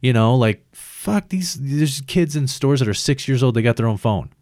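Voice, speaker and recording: A man's voice: mid-range voice, animated, moderate pace, a little mellow, dry recording, clean studio sound. A man in casual chat, rambling and swearing, with lots of fillers. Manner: rambling, profane, many fillers. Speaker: conversation partner.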